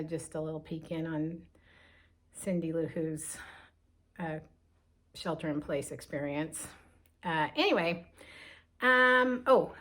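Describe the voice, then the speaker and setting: An older woman talks casually to her viewers from home, a little breathless and chatty as she rambles from one thing to the next. Her voice sits fairly low, and she fills her pauses with plenty of ums and anyways. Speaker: cross-stitch vlogger. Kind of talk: casual chat to camera.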